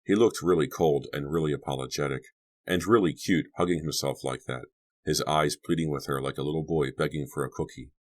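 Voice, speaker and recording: Very deep-voiced male audiobook narrator. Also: fairly quick. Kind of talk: scripted narration.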